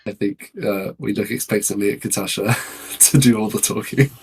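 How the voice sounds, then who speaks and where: A man's voice: lowish voice, fairly even intonation, moderate pace, a little mellow, husky. A man playing a tabletop game, chatting casually with hesitant restarts. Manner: hesitant, stammering, laughing often. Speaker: player. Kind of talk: casual chat.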